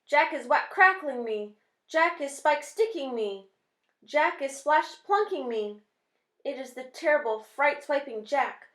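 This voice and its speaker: A woman's voice: a little high, moderate pace, fairly bright tone, close to an everyday voice. A woman voicing a huge male giant who screams and pleads in terror through a nightmare, in a storybook reading. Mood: panicked pleading. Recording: roomy echo.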